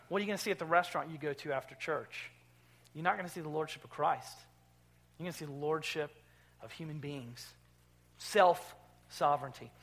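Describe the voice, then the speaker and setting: A man preaching a sermon as pastor, emphatic, dropping low and then rising loud. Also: moderate pace, long pauses. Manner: emphatic, swings from quiet to loud. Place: church sanctuary.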